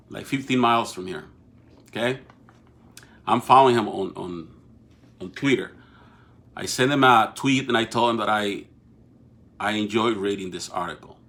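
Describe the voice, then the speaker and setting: A man's voice: medium pitch, bright, forceful tone. Mexican-accented man hosting a livestream. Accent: Mexican Spanish. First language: Spanish. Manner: talkative, repeats and restarts words, addresses viewers directly. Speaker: political show host. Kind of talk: casual live-stream talk.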